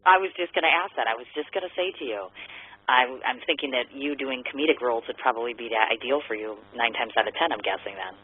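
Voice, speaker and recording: A man's voice: medium pitch, quick pace, slightly rough. A man hosting an interview, asking long, roundabout questions. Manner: wordy, hedging questions. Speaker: interview host. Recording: tinny phone-like line.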